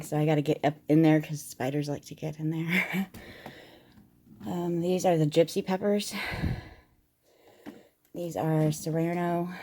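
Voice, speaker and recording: A woman's voice: sits low, a little mellow. A woman chatting her way through a garden and pantry tour, rambling and a little out of breath, moving from outdoors to indoors. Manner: chatty and rambling, with frequent fillers and trailing-off sentences. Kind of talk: casual walk-and-talk tour. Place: garden outdoors, then inside a house.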